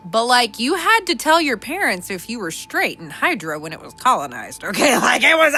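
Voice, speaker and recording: A young adult woman hosting a casual podcast, sassy and animated, laughing often. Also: a little high, normal speed, hardly any pauses, slightly rough. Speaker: podcast host.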